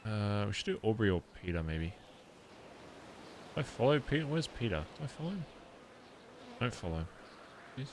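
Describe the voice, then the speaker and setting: A man's voice: lowish voice, very animated, normal speed, pauses often, darkish tone, a little hiss or hum. A man streaming a roleplay game, talking casually to his viewers and often checking in with them. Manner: chatty, addresses viewers directly, frequent "okay?". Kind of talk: casual end-of-stream chat.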